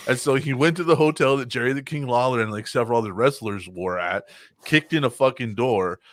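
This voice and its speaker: A man's voice: medium pitch, a little fast, dry recording. Profane storytelling man, dry mic. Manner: profane, animated, acts out voices in anecdotes. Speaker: podcast co-host. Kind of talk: casual storytelling chat.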